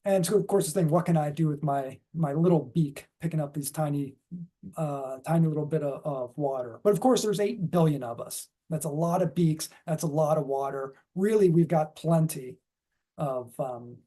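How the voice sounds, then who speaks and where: Rambling dharma talk, man, dark voice. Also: a little high, moderate pace. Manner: rambling with many fillers and restarts. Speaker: dharma speaker.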